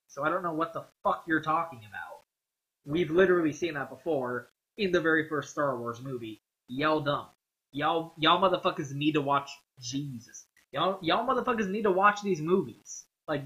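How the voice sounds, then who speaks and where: Bright, ranting young-sounding man. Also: a little high, rough recording. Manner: rambling, profane, opinionated, frequent "like" fillers. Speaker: vlogger. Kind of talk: casual movie rant.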